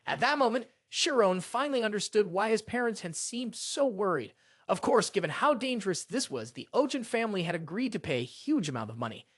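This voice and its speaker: A narrator reading a fantasy story recap in a steady storytelling manner, close on the mic. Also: mid-range voice, a little fast, no room sound.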